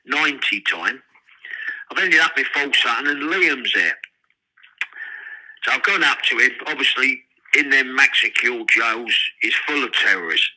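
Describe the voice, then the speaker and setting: An older man, telling profane, animated prison stories in an interview. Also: medium pitch, low-quality recording. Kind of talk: storytelling.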